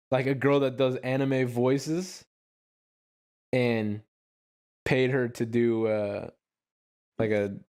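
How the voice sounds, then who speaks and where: A man's voice: medium pitch, darkish tone, smooth. A young man hosting a casual podcast, talking in a loose, rambling way full of fillers and swearing. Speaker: podcast host.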